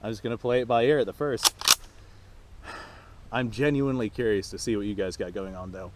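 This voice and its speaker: A man's voice: fairly low pitch, brisk, slight background noise. A man hosting his own firearms channel, chatting casually and rambling to camera while out at a shooting range, swearing freely.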